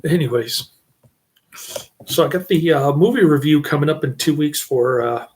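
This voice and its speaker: A man's voice: fairly high pitch, moderate pace, a little mellow. A middle-aged man giving a casual, rambling channel update, often breaking into chuckles. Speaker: channel host.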